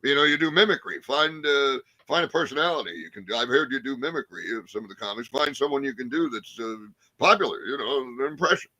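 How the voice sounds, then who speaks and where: A man playing a tall, blunt veteran male comedian who gives gruff, matter-of-fact advice. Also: medium pitch, quick pace, sharp tone. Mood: advising.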